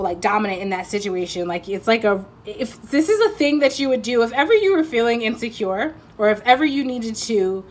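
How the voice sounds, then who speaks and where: Rambling, laughing woman tarot reader. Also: fairly high pitch. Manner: rambling, animated, laughs often, teasing. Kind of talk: casual pick-a-card reading.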